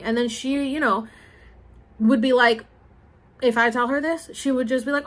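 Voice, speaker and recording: A young woman in her twenties talks in a loose, confessional monologue, her voice sitting a little high. She wanders between thoughts, leaning on fillers like "like" and "um" as the feelings spill out. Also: steady tone, normal speed, pauses often. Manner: rambling and emotional, with many "like" and "um" fillers. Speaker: spiritual vlogger and podcaster. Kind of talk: casual personal monologue.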